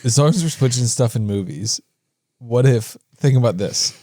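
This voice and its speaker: A man's voice: mid-range voice, lively intonation, normal speed, mellow, no room sound, clean studio sound. A man co-hosting a podcast in casual chat, goofy and fond of playing with his voice. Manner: goofy, plays with his voice, sings bits. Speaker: podcast co-host.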